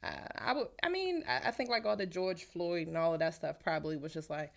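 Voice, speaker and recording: A young adult woman co-hosting a casual podcast chat, speaking in a relaxed, reflective way. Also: fairly low pitch, fairly quick, vocal fry. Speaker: podcast co-host.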